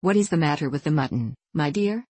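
A cool, curt lady of the house answers in short, clipped words, as an audiobook reader puts her on. Her replies are concise and flat. The sound is dry and close. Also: medium pitch, fairly quick, husky, no echo. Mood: puzzled.

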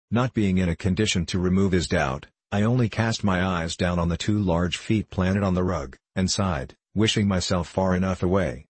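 Deep-voiced man narrating a classic novel. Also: husky, no room sound. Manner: measured, formal. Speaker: audiobook narrator.

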